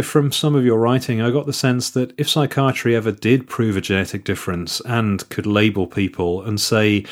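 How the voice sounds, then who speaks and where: Man, low voice, radio host, measured summarizing questions. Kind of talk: interview questions.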